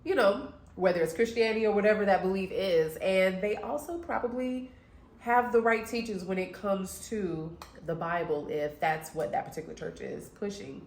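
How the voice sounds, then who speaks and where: A woman from Florida co-hosting a casual chat, talking in a measured, conversational way with frequent fillers. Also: medium pitch. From Florida, USA. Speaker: podcast co-host. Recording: echoey room with faint noise.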